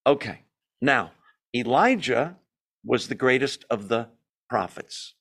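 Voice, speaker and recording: Animated man teaching Bible study. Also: mid-range voice, slow. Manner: animated, jokey asides, rhetorical questions.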